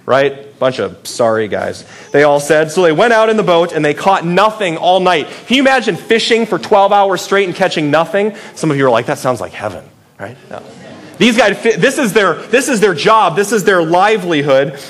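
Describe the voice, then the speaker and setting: Man, pastor, high-pitched voice, sermon, playful, conversational, rhetorical questions. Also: big pitch swings, moderate pace, a bit bright.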